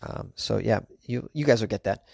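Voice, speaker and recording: A young adult man hosting a comedy podcast from a closet, riffing in an animated, self-mocking way. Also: on the low side, moderate pace, gravelly, no echo, clean studio sound. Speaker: podcast host.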